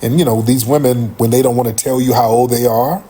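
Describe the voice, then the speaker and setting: A middle-aged man hosting a livestream, telling a comic story in a rambling, profane, animated way. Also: medium pitch, a little fast, breathy edge. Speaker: livestream host.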